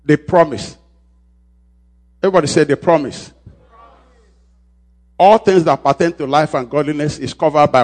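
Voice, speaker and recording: A male pastor preaching a sermon, repeating key phrases and calling on the congregation to answer, swinging between shouts and quiet lines. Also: medium pitch.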